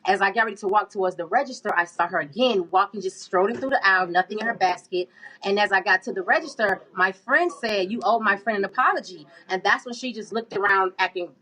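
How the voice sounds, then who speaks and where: A woman's voice: medium pitch, quick pace, bright, forceful tone, rough recording. A woman answering interview questions, telling her story in an emphatic, indignant way.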